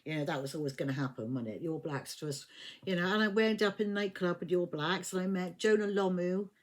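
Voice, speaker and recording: A woman's voice: on the low side, fast talker. Fifties English woman, tarot reader, rambling anecdote delivery, giggly and frank. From England. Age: 50s. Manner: chatty, laughs often, swears, loses track of dates. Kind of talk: casual storytelling.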